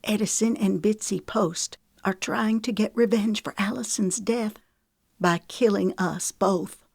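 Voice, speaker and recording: A woman reading the part of a frightened, tearful young woman who speaks softly, almost in a whisper. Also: mid-range voice, measured pace, vocal fry, husky, no echo, clean studio sound, pitched above the performer's own voice. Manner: soft, near whisper, trembling.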